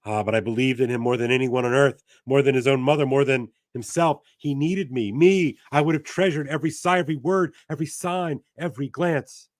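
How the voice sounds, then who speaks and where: A man's voice: medium pitch, fairly quick, hardly any pauses, no echo, clean studio sound, voice pushed up, lightly acted. A man voicing a grieving young woman, a devoted fiancée who pleads and repeats her words as her emotion breaks through. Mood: grieving, pleading.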